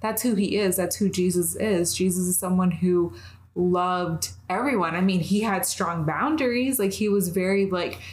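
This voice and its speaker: Female guest, earnest and reflective, halting delivery with frequent fillers. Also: on the low side, a little mellow. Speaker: podcast guest. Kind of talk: casual faith chat.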